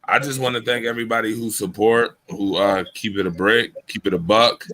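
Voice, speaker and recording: A man's voice: on the low side, steady tone, a little fast, bright, forceful tone. A man hosting a casual sports talk show, emphatic and given to repeating himself. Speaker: show host.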